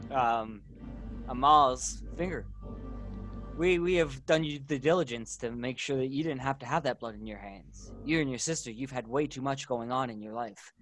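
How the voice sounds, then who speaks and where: A male player speaks for his character in a tabletop game, casual and easygoing, mid-range in pitch. Faint music sits behind him. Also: normal speed, a bit bright. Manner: casual, laughing often.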